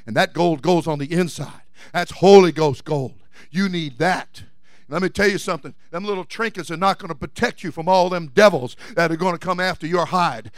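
A man preaching a sermon as senior pastor, swinging from low asides to shouted, repetitive calls to the congregation. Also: fairly quick, no echo. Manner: preaches in repetition and direct address. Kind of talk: Pentecostal-style sermon.

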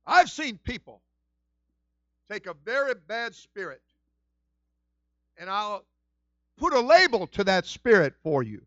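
A middle-aged male pastor preaching a sermon with passion, moving between hushed storytelling and shouted exclamations. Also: sits high, very animated, slow, pauses often, no echo, highs cut off. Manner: exclaims "whew" and "woo".

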